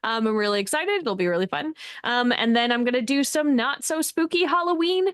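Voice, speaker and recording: A woman's voice: high voice, lively intonation, fairly quick, fairly bright tone, smooth, no echo, clean studio sound. A woman hosting and running a tabletop game stream, chatting casually with a bubbly, giggly, self-deprecating manner. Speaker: game master and host. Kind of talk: casual chat, show outro.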